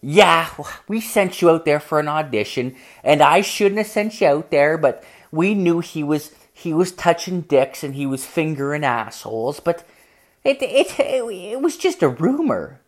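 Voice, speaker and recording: A man's voice: on the high side, animated, unhurried, pitched above the performer's own voice. A man quoting his mother in a raised, flustered voice as she brushes off his worries. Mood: dismissive. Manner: flustered and dismissive. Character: exasperated mother, middle-aged woman, dismissive.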